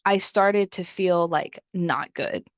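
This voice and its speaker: A young woman co-host tells a personal story in a loose, rambling way, filling her sentences with "like". Her voice sits a little low for a woman. The recording is dull and lo-fi, with a dry, close sound. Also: slow pace, no echo. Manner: chatty, leans heavily on filler "like". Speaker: podcast co-host.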